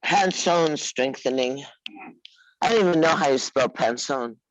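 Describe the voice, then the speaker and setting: A woman teaching a live yoga class, giving unhurried, coaxing cues and teasing her students by name. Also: a bass voice, low-quality recording. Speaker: yoga instructor.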